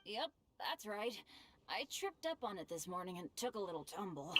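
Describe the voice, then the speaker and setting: A woman's voice: medium pitch, very animated, moderate pace, fairly bright tone, slight background noise. Woman voicing a cheerful clumsy teen boy. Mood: sheepish. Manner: upbeat, good-natured, sheepish laughs. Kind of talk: video game voice acting. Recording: game cutscene with clear music behind.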